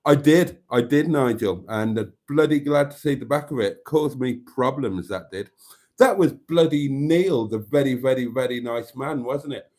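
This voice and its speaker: A man hosts a casual live stream, chatty as he reads viewer comments aloud and greets viewers by name. His voice is mid-range with a darkish tone, at normal speed.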